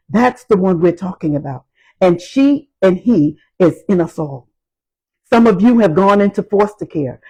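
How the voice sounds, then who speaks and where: A woman giving a motivational talk on healing, speaking in slow, emphatic, repetitive phrases. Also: medium pitch, mellow, husky, rough recording.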